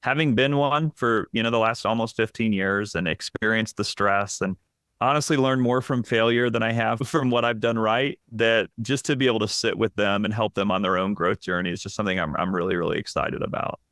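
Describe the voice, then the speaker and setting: A middle-aged man speaks as a guest on a business podcast, his voice sitting low. He talks candidly and reflectively, looping through fillers and restarts. The sound is close and dry. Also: brisk, fairly bright tone, no echo. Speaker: executive coach. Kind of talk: casual podcast interview.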